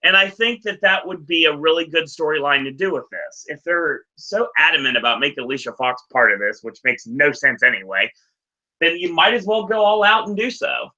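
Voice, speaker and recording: Male podcast host, very bright, rambling casual delivery, slightly muffled lo-fi audio. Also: fairly high pitch, expressive, fairly quick. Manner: rambling, self-correcting, laughs easily. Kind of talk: casual chat recapping wrestling.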